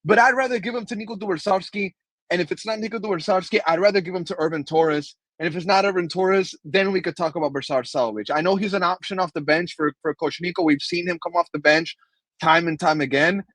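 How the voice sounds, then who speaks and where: A man's voice: high voice, quick pace, a bit bright, no echo, rough recording. A man co-hosting a soccer podcast, emphatic and fired-up, often calling his co-host brother. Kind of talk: passionate soccer podcast commentary.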